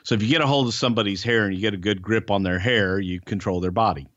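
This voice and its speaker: A man's voice: on the low side, quick pace, fairly bright tone, no echo, lo-fi sound. Blunt, folksy podcast man. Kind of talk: casual storytelling chat.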